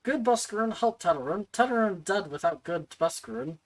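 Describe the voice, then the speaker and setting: A woman's voice: mid-range voice, animated, a little fast, lightly acted, poor audio. A woman voicing a small gremlin-like shopkeeper who talks in broken, simple phrases about himself in third person. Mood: eager. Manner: broken caveman-style speech, third person.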